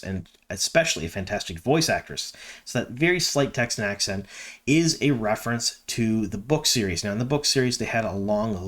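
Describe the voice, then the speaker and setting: A man's voice: on the low side, fairly bright tone. Chatty enthusiastic man from Canada. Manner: chatty and enthusiastic, many ums. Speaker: fan video host. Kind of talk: casual fan commentary.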